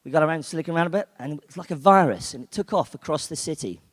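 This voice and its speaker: Speaking rapid-fire in a slightly high voice, a British man gives a conversational keynote at a conference, peppered with fillers and restarts. Long reverb from the hall is audible.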